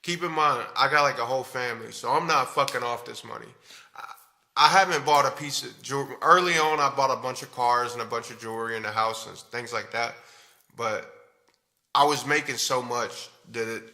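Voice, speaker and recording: Man, streamer, gravelly voice, sharp bright tone, casual rambling, profane. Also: mid-range voice, fairly quick. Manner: candid, rambling, profane storytelling. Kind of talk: casual talk to stream viewers.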